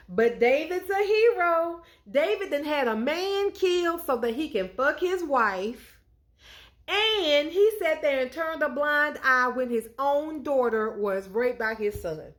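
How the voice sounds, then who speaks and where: A woman's voice: high voice, lively intonation, slow, a bit bright. A woman giving a comedic, sassy and profane rant that retells Bible stories with indignation. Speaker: content creator.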